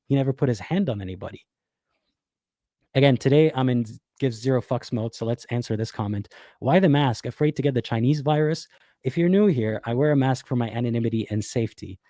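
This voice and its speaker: A man gives sarcastic, blunt reaction commentary on YouTube with a dark, mid-range voice, swearing freely and restarting phrases as he works through his thoughts. It's clean studio audio with no room sound.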